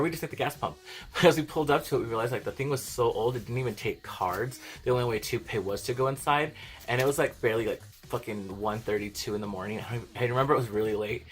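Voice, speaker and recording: A man's voice: medium pitch, fairly bright tone. A young man vlogging, telling a rambling story in a casual, profane way and often laughing. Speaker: beauty vlogger.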